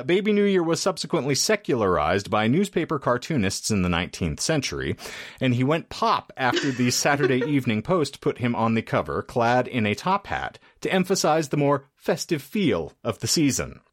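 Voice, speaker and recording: A man's voice: mid-range voice, sing-song, moderate pace. A man hosting a podcast, reading out research in a wry, mock-formal way and breaking into laughs, with a casual chat feel. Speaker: podcast host presenting research.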